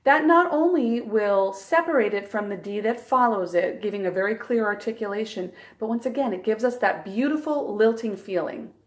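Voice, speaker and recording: A woman flute teacher giving a calm, clear and encouraging instructional tutorial. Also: mid-range voice, normal speed, few pauses, background noise.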